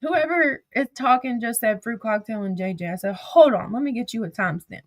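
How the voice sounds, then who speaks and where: A woman's voice: on the high side, animated, no echo. A young woman, reading texts aloud on a livestream in a heated, profane rant. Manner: heated, profane, rapid rants.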